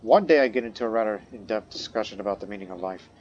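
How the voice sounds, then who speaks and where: Over faint background music, a let's-play narrator with a fairly low, darkish voice talks very fast, reading strategy-game events in first person and musing aloud. The highs are cut off and there is slight background noise.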